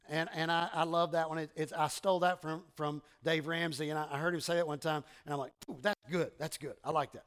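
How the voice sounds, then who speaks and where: A man's voice: sits high, fairly bright tone. A man with a Southern US accent, a pastor preaching a sermon in a conversational, self-deprecating way, often restarting his words and quoting everyday exchanges. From American South.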